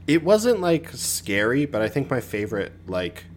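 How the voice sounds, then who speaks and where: A man co-hosting a casual movie review podcast, talking in a relaxed, thoughtful way with the odd swear. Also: mid-range voice, normal speed, slight background noise. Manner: relaxed, thoughtful, lightly profane. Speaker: podcast co-host.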